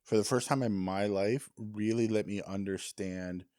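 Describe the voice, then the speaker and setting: A man co-hosting a nursing podcast in relaxed casual chat, often answering with brief agreement. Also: fairly low pitch, moderate pace, smooth, no echo, clean studio sound. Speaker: podcast co-host, nurse.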